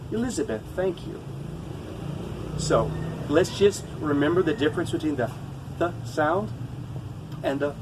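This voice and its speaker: A man teaching pronunciation with a somewhat high voice, patiently demonstrating each sound again and again. He sits a little back from the microphone. A faint hum of room noise runs underneath. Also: recorded from a distance. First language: English. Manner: patient, demonstrating sounds slowly and repeating examples. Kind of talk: pronunciation lesson to camera.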